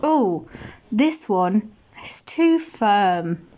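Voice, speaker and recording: A woman voicing a fussy, curious little girl in a storybook, talking slowly in a slightly raised voice. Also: medium pitch, sing-song, dark tone, highs cut off.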